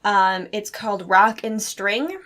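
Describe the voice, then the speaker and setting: A young woman co-hosting a casual crafting show, bubbly and quick to laugh. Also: medium pitch, a bit bright. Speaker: podcast co-host. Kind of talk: casual chat.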